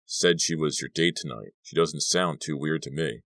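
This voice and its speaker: Male reader as a gruff drawling cop father, middle-aged; storybook; very deep voice. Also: normal speed, fairly bright tone, no echo, clean studio sound. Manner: drawling, businesslike.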